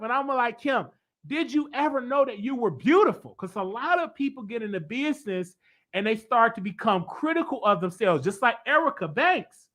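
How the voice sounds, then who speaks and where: A man with a bright, sharp-edged voice hosts a celebrity gossip show, delivering blunt, opinionated commentary. He talks in an animated way, his pitch leaping high whenever he stresses a point. A slight congestion sits in his voice throughout. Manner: animated, swoops up high for emphasis. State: congested, stuffy voice.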